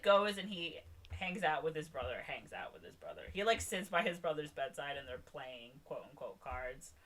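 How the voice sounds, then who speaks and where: A young woman co-hosting a podcast, recapping a film in casual chat and acting out the characters' lines in quick voices. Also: low-pitched, fairly bright tone. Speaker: podcast co-host.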